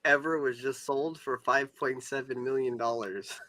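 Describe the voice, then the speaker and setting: A man's voice: medium pitch, fairly even intonation, moderate pace, bright, forceful tone, no room sound, poor audio. A man on a casual livestream chat telling stories and laughing as he goes. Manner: storytelling, laughs mid-sentence. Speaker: livestream guest.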